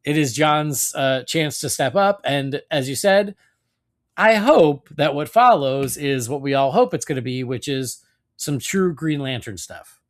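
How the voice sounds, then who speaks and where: A man's voice: mid-range voice, lively intonation, measured pace. A man hosting a casual podcast chat, talking loosely with lots of fillers and hedges. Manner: chatty, hedging with many fillers.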